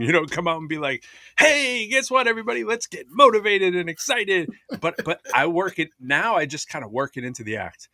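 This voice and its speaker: A man's voice: fairly high pitch, no echo. A man in his thirties, co-hosting a casual podcast chat, telling stories and acting out the people he quotes. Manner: animated storyteller, acts out quoted voices. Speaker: podcast co-host.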